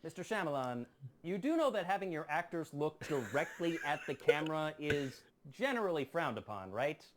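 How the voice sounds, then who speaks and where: A man's voice: fairly high pitch, very animated, normal speed, background noise. A man making sarcastic, mock-sincere comedic asides about a film. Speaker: film review show commentator.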